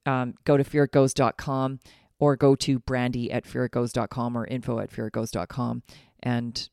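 A woman life coach speaking earnestly and emphatically in a motivational pitch, asking her listeners direct questions. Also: flat delivery, normal speed, a little mellow, no room sound, studio quality.

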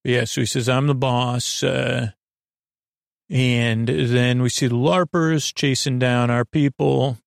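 A man retelling a TV episode as a sleepy bedtime story, meandering and halting, full of fillers and self-corrections. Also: mid-range voice, steady tone, vocal fry, no room sound, studio quality. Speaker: podcast narrator.

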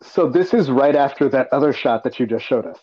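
A man's voice: mid-range voice, lively intonation, brisk, husky, lo-fi sound. A man on a casual panel chat, animatedly retelling a scene and acting out reactions. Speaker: panel guest.

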